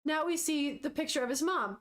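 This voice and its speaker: A woman's voice: high voice, lively intonation, brisk, a bit bright. A young woman with a sniffle, chatting casually and emotionally as she retells a manga, gasping and swearing in shock. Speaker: vlogger reading manga.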